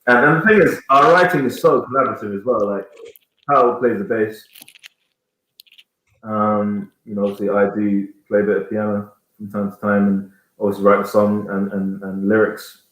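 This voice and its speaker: Low-voiced man in an echoey room. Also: fairly even intonation, moderate pace, fairly bright tone. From Jamaica. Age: 30s. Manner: rambling, searching for words, many restarts. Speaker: guest, band singer. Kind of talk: casual interview chat.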